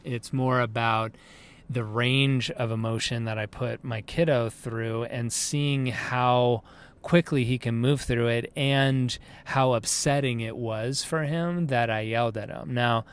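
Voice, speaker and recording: A man's voice: mid-range voice, steady tone, takes it slowly, clear, resonant tone. A man in his thirties hosting a parenting podcast, telling a personal story in a casual, conversational way with plenty of fillers and asides. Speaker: podcast host.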